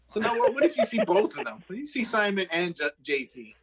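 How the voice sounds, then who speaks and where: A man's voice: sits high, big pitch swings, quick pace, crowd noise. A man with a slightly raised voice chats casually on a podcast. He tells a story, throws in quoted asides and laughs a lot. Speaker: podcast co-host. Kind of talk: casual banter.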